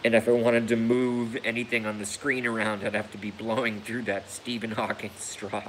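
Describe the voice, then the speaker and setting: A man's voice: fairly low pitch, level tone, moderate pace, a little hiss or hum, rough recording. A man hosting a rambling live stream, crude and self-mocking, laughing at his own jokes while hurt and unable to laugh without pain. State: injured, hurts when he laughs. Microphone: phone.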